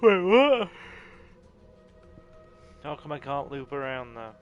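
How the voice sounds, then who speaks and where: Tired male let's play host, unhurried, jokey, a bit high-voiced. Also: sing-song, highs cut off, faint music behind. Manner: joking, chatty, self-deprecating. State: tired, yawning. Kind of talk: casual gameplay commentary.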